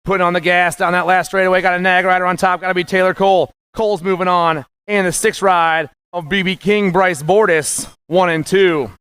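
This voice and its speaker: High-voiced, excited male race announcer. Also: fairly quick, few pauses, clean tone, dry recording. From USA. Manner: excited, punchy calls, nicknames, fired up. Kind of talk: live race commentary.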